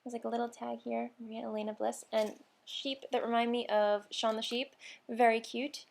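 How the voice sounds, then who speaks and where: A woman's voice: on the high side, level tone, normal speed, creaky. Scatterbrained woman vlogging casually. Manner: scatterbrained, rambling with fillers and laughs. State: tired, short on sleep. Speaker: knitting podcast host. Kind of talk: casual vlog chat.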